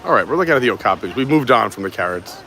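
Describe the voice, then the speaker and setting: A man's voice: mid-range voice, animated, very fast, pushed and bright. A man casually chatting and joking while hosting a live stream outdoors at a theme park. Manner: joking, chatty, talks with food in his mouth at times. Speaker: vlog host.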